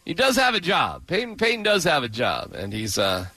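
A man co-hosting sports radio in a sarcastic, rambling, animated manner. His voice sits a little high and swings widely in pitch. It has a bright, forward tone and is recorded dry and close. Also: moderate pace, no room sound. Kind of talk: casual sports radio banter.

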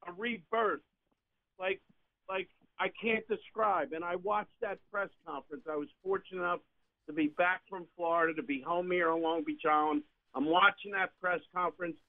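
A man's voice: high-pitched, normal speed. A man in his sixties calling in to a sports radio show, sentimental and choked up with emotion. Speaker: caller. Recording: tinny phone line.

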